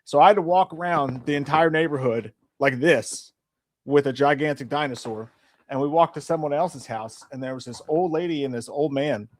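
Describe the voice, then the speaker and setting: A man's voice: a little high, normal speed, no room sound, studio quality. A man in his forties hosting a live stream, telling a rambling story with crude jokes in casual chat. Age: 40s. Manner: rambling and jokey, with crude humor.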